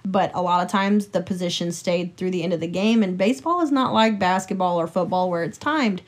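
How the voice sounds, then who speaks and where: Woman cohost, just chatting, explains stuff easy and even. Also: lowish voice, a little fast. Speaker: podcast co-host. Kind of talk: casual chat.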